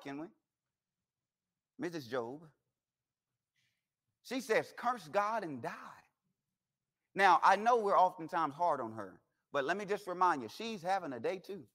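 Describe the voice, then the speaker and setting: Man, high voice, guest preacher, folksy humorous sermon, church service. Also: expressive, normal speed, long pauses, a bit bright. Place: church sanctuary.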